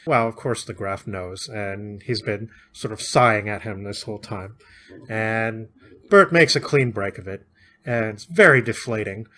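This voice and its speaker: A man's voice: fairly low pitch, a little slow, pushed and bright. A man co-hosting a podcast, casually recapping and discussing a classic novel, chatty and often laughing. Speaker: podcast co-host.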